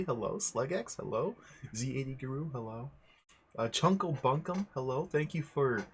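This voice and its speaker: Husky, lively-voiced male streamer. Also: mid-range voice. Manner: rambling, self-correcting, greets viewers one by one. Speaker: livestream host. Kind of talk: casual livestream chat.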